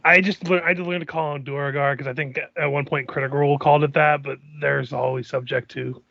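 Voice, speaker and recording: Man, tabletop player, gravelly voice, dry dull lo-fi sound, chatty. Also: on the high side, fairly even intonation, brisk, dry recording. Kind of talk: casual chat.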